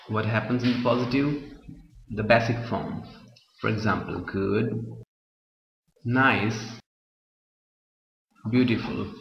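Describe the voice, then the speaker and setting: In a muffled, echoey room with a little hiss or hum, a medium-pitched male teacher works through grammar, drifting in and out of the mic's range. He keeps repeating himself and asking the students "Clear?" time after time.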